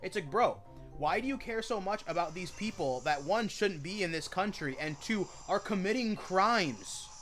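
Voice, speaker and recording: A man with a high-pitched voice rants during a gaming stream. He talks casually, packs his speech with fillers, and swears as he gets heated. Faint music plays behind him. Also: animated, moderate pace, a bit bright. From United States. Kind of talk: casual rant while gaming.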